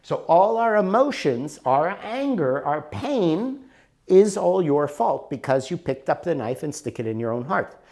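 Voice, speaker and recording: Male workshop teacher, animated and conversational, widely varied pitch. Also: unhurried. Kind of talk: recorded workshop talk.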